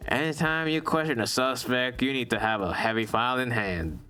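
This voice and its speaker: A man voicing a weary, low-energy older male detective with a put-on Texan drawl. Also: moderate pace, bright, forceful tone, clear, resonant tone, faint music behind, close to an everyday voice. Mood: gruff. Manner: laid-back, drawling.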